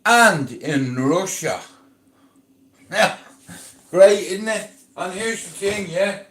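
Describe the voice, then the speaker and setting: A man's voice: high-pitched, drawn-out words, a bit bright, roomy sound. A middle-aged Irish man talking casually on a live stream, blunt, boastful and full of swearing and slang.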